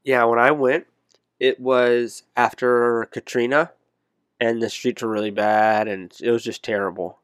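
This conversation partner has a mid-range, fairly bright, smooth voice and talks a little slowly with mostly even intonation. He rambles about travel destinations he'd like to visit, correcting himself as he goes, in a clean studio recording with no room sound.

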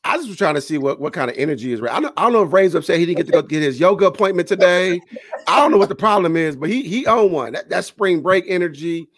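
A man who is a school principal and podcast co-host, telling a lively story in casual chat and acting out the people he quotes. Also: sits high, quick pace, dry recording. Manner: animated storyteller who acts out quoted voices.

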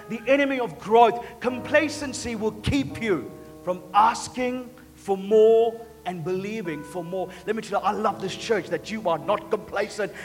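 A man preaching a sermon in a church, emphatic and joking, often repeating words. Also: high voice. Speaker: pastor. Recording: long church reverb, faint music.

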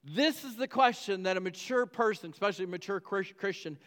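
A man's voice: high-pitched, expressive, brisk, a bit bright. A man preaching a sermon as pastor, emphatic and repetitive, often restarting his phrases. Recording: long hall reverb.

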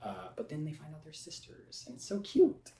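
A man's voice: a little high, big pitch swings, normal speed, mellow. A man from Texas co-hosting a podcast in casual chat, emphatic and sarcastic. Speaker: podcast co-host. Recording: roomy echo, rough podcast audio.

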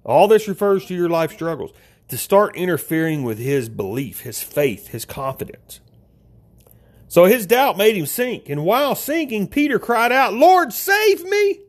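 Man preaching a folksy, lively sermon. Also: moderate pace. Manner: conversational, addresses listeners as folks, big pitch swings. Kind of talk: informal sermon.

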